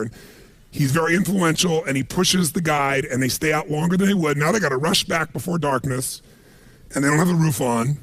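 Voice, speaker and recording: A man giving a motivational seminar talk, telling stories in an animated, emphatic way. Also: a little high, vocal fry, dry recording. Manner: animated storytelling with emphatic asides. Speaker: motivational speaker.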